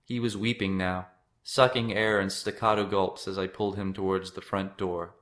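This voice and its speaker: A man reading his own written personal story aloud in a steady storytelling manner. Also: low-pitched, moderate pace.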